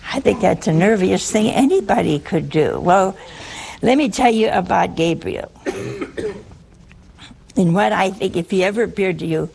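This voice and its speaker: A woman's voice: mid-range voice, animated, a little slow, gravelly, pauses often, darkish tone, slight background noise. A woman preacher giving a sermon to a live audience, humorous, teasing and conversational.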